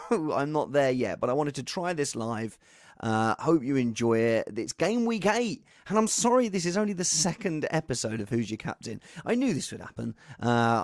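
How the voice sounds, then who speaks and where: A man's voice: medium pitch, no echo, clean studio sound. A man hosting a casual live stream, rambling along and joking at his own expense. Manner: rambling, self-deprecating. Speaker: host.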